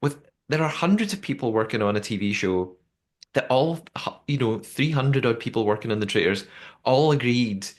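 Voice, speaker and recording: With an expressive mid-range voice at normal speed, a man co-hosts a chatty podcast and reads listener messages. He often starts sentences over and repeats words.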